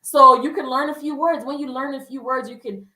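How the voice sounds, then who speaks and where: A woman's voice: high-pitched, fairly even intonation, fairly quick, bright, forceful tone, roomy sound, distant mic, rough recording. A woman giving casual travel advice as a vlogger, chatty with lots of fillers, acting out quoted voices.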